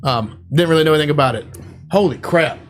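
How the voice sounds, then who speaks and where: A man's voice: on the high side, quick pace, faint music behind. Rambling man retelling a movie plot. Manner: rambling, full of "like" and "you know". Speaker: podcast co-host.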